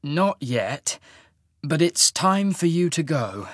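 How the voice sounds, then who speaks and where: A man voicing a weary, self-sacrificing male mage in an audiobook, speaking slowly and holding back emotion. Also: mid-range voice, no room sound, clean studio sound, natural voice. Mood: sorrowful. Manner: slow and restrained.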